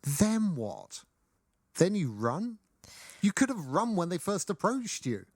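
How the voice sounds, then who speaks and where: Wry male co-host; lively, playful delivery, close dry mic. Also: high-pitched, slow pace, husky, no room sound. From Britain. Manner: wry, animated, acts out quoted scenes. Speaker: podcast co-host. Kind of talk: casual chat.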